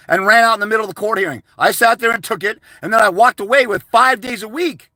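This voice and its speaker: A man's voice: sits high, brisk, pushed and bright, no room sound, studio quality. A man hosting a livestream, ranting aggressively with profane insults while answering viewer questions. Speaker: host.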